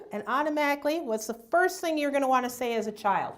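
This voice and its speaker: A woman teaching a community health class on dementia care, lively and acting out family members' voices. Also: high-pitched, quick pace, hardly any pauses. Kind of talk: community health talk to a live audience.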